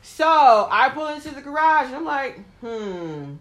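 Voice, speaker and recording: A woman talks casually as a host, spinning a story with blunt, profane asides. She fills her sentences with "like" and slips into lively voices when she acts out what others said. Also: high voice, normal speed. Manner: blunt, profane, vents with heavy "like" fillers; acts out quoted people in animated voices.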